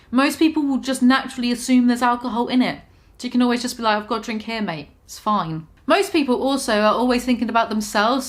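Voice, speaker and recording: A young British woman vlogging casually, talking frankly and with self-mocking humour about staying sober. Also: on the high side. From Britain. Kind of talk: casual confessional vlog.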